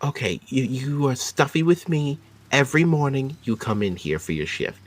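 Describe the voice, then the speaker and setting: A man's voice: medium pitch, lively intonation, moderate pace, voice pushed up, natural voice. A man voicing a fussy, chatty woman desk clerk who gushes and bosses. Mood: bossy. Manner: gushing, bossy, doting.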